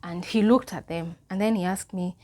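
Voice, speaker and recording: A young Kenyan woman with a Kenyan accent telling a personal story in a casual, animated way, slipping Swahili phrases into her English. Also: lowish voice, moderate pace. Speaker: vlogger.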